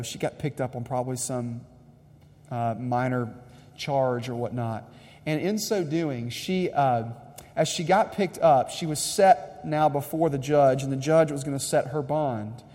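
A man's voice: mid-range voice, dark tone. A man preaching a sermon, emphatic and direct, repeating his key lines to the congregation. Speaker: pastor. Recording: long hall reverb.

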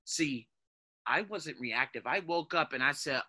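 A man hosting a podcast, giving a casual motivational monologue in an animated way, calling his listeners "guys" and often restarting his sentences. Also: a little high, measured pace. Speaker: podcast host.

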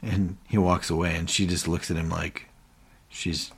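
A man's voice: low-pitched, flat delivery, normal speed, creaky, a bit bright, breathy edge. A man co-hosting a podcast, casually retelling scenes and quoting characters in lightly shifted voices. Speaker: podcast co-host.

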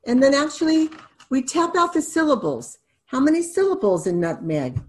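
Woman, reading tutor, video lesson, lively melody, careful letter-by-letter sounding out. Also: mid-range voice. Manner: sounds out letters and syllables slowly and clearly.

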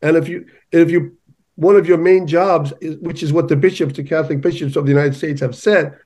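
A man's voice: on the high side, fairly even intonation, a little fast, a little mellow, husky. A male journalist, a guest on an interview show, making his points emphatically and telling stories. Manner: emphatic, storytelling. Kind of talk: conversational interview.

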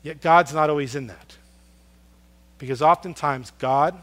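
A man preaching a sermon, earnest and storytelling, swinging from loud emphasis down to a hush on soft words. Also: fairly high pitch, unhurried. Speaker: pastor.

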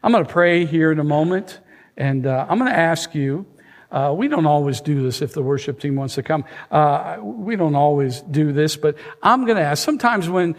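A man's voice: a little high, lively intonation, normal speed. A man, a lead minister, preaching a sermon at a church service and leading the congregation in repeating phrases. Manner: repetitive, leads call-and-response.

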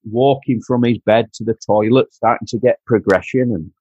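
A man telling an emotional personal story in a halting way, repeating words and growing quiet and choked at times. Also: mid-range voice, breathy edge, no room sound. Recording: dull lo-fi dry sound.

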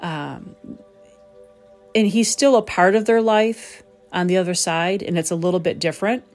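A woman hosting a reflective spoken talk as a medium, gentle and pausing to search for the right words. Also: on the low side, faint music behind. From southern New England. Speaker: psychic medium, host.

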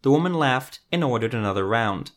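A man's voice: mid-range voice, animated, a little fast. Man narrating a fantasy tale. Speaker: podcast host and narrator.

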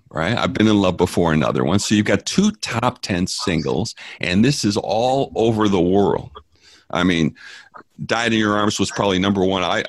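A male host asking relaxed, thoughtful questions in an interview. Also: low-pitched, vocal fry, dry recording. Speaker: podcast host.

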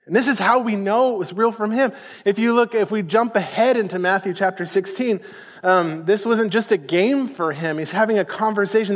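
A man preaching a sermon in a conversational, emphatic way, acting out the quoted lines. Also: high voice. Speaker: pastor.

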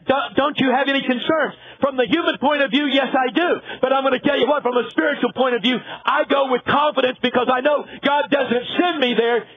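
High-voiced pastor preaching, tinny sound. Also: male voice. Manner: dramatic storytelling, voices biblical characters. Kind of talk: sermon.

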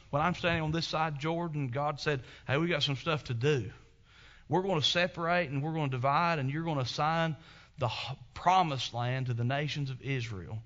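A man preaching a sermon as pastor, telling stories with emphatic swings between loud and soft. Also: fairly high pitch, lo-fi sound. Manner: emphatic, storytelling preacher with big swings in loudness.

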